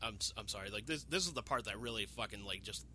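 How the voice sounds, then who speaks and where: Dude ranting through a movie plot on a podcast, swears a lot, sharp bright voice. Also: male voice, on the low side, fast, slight background noise. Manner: profane, animated retelling, acts out quotes. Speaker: podcast host. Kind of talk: casual podcast chat.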